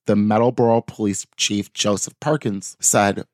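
A man's voice: mid-range voice, very animated, normal speed, few pauses, dry recording, clean studio sound. A man hosting a podcast, reading news articles aloud with offhand jokey asides in casual chat. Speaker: podcast host.

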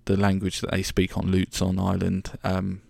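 A man's voice: low voice, monotone, normal speed, creaky, mellow, dry recording. A young man telling a rambling, sweary story about his travels as a podcast host. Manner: chatty, rambling, sweary, full of restarts. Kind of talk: casual storytelling monologue.

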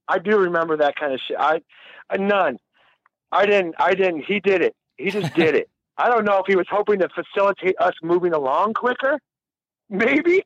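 A man's voice: high-pitched, a bit bright, no room sound, dull audio. A man telling a long, rambling story in a casual interview, laughing and swearing freely. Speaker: musician guest.

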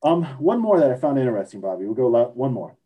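A man's voice: medium pitch, very animated, quick pace, breathy edge, narrow, tinny audio. A man co-hosting a casual podcast chat, reading out crude slang definitions and joking along. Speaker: podcast co-host.

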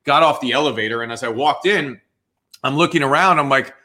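A man's voice: medium pitch, brisk. A man in his forties with a New Jersey accent, telling his story as an interview guest and acting out the dialogue, with "dude" and "man" thrown in. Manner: animated, acts out quoted dialogue, says "dude" and "man". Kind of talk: casual storytelling.

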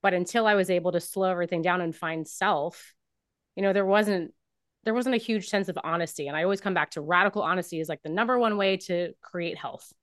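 A woman's voice: lowish voice, quick pace, dry recording, clean studio sound. A woman guest on a podcast, speaking in an earnest, reflective way about her experiences. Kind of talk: casual conversational interview.

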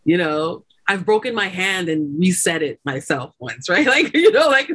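A woman doula, a guest on an interview podcast, telling her own story in an animated way with many fillers and frequent laughs. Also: fairly low pitch, moderate pace, husky. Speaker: doula and lactation consultant guest.

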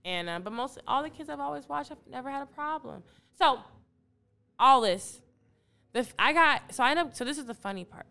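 Young woman guest from detroit, high bright clear voice, acts out her own lines, tells stories in casual chat. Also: a little fast. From Detroit, Michigan. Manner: animated storytelling, acting out her own past remarks. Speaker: podcast guest.

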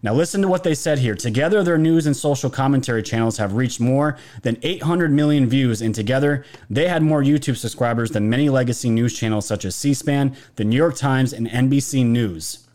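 Speaking briskly with few pauses, a political commentary host chats informally with viewers on his live stream, wandering off and restarting frequently. His medium-pitched voice is a little mellow.

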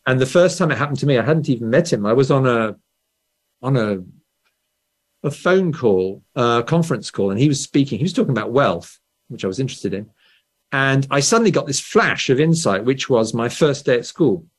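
A man's voice: mid-range voice, expressive, brisk, slightly rough. Guest author, English man, standard Southern English accent, explanatory conversational manner. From England. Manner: explanatory, frequent "right?" tags and restarts. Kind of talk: conversational interview.

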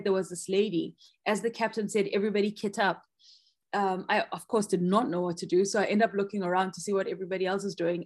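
A woman in her thirties, a podcast guest telling a personal story with lively re-enacted moments. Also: mid-range voice. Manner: expressive, acts out quoted panic loudly.

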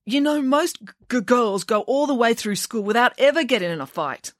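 A woman's voice: a little high, animated, moderate pace, no room sound, studio quality, voice pushed up, close to an everyday voice. A woman voicing a timid teenage boy who stammers and frets. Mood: flustered. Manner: stammering, fussy and earnest.

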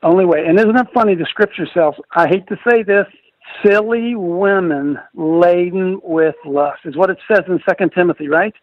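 A man's voice: sits high, fast, few pauses, no room sound. An older man hosting a Christian radio talk show, preachy and emphatic, repeating phrases for stress, with a dull dry studio sound. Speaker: radio host, ministry leader.

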